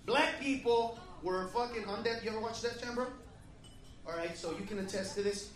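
A man doing a brash, profane stand-up comedy set in a comedy club, shouting at the crowd. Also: high-pitched, moderate pace. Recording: echoey live club from a distance. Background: audience laughter.

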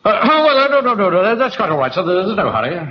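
An actor playing a pompous, hesitant captain caught out, in an old broadcast with a studio audience laughing. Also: male voice, high-pitched, big pitch swings, fast, highs cut off. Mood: embarrassed. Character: pompous, flustered middle-aged captain.

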